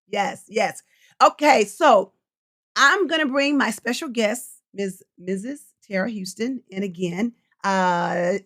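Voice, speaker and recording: Her pitch is medium and her tone fairly bright: a middle-aged woman running a relaxed livestream where she coaches. She talks loosely, reads out comments from viewers, and often breaks into laughter.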